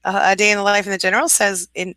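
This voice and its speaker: A tired woman coaching on a casual morning live stream, reading viewer comments aloud, laughing often and reassuring viewers softly. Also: mid-range voice, flat delivery, rapid-fire, no echo. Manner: chatty, laughs often, greets viewers warmly by name; soft, reassuring advice. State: a little tired, early morning.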